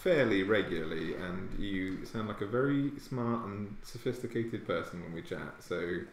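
A man's voice: low voice, expressive, normal speed, roomy sound, a little hiss or hum. A man with a posh southern English accent chatting casually while streaming his art, self-mocking and laughing often. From Hampshire, England. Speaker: fantasy artist streaming live. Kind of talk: casual chat while drawing.

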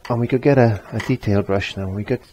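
A man's voice: lowish voice, fast, dark tone, a little hiss or hum. A man giving a chatty step-by-step painting tutorial, repeating phrases as he works. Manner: chatty, repeats himself while working. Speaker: painting teacher.

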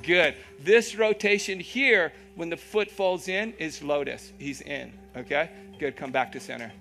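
A man's voice: fairly high pitch, a little slow, gravelly, pushed and bright, faint music behind. A man teaching a live yoga class, giving encouraging cues, checking in with "okay?", and making playful asides.

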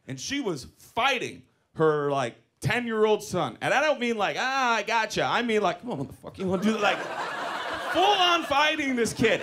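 A man doing live stand-up comedy on a club stage, telling an animated story with running callbacks. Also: extremely high pitch, noisy background. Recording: live club recording with audience laughter.

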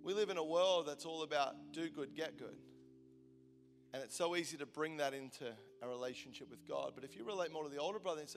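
A man in his forties preaching a sermon, telling stories with passion and swinging from loud intensity to hushed tones. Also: a little high, fast. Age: 40s. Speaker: pastor. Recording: long hall reverb, faint music behind.

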